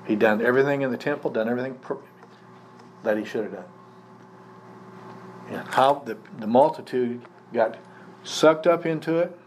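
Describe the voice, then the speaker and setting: A man's voice: mid-range voice, a little mellow. A male pastor giving a live sermon, teaching conversationally and putting questions to the congregation. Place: church service. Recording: faint background noise from a live service.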